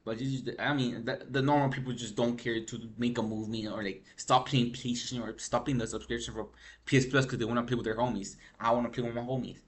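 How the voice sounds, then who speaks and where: A man's voice: medium pitch, steady tone, fast. A young man giving a casual gaming news rant, rambling and frustrated, swearing and saying "bro" a lot.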